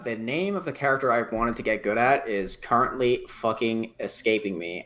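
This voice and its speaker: A man's voice: mid-range voice, fairly bright tone. Man, podcast guest, casual chat, offhand, swears, laughs at himself. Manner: offhand, swearing, self-deprecating. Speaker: podcast guest, game modder.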